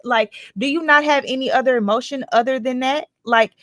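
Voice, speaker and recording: Earnest woman with a high voice. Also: a little fast, hardly any pauses, fairly bright tone, no room sound, studio quality. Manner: earnest, persuasive, emphatic. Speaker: podcast co-host. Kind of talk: casual discussion.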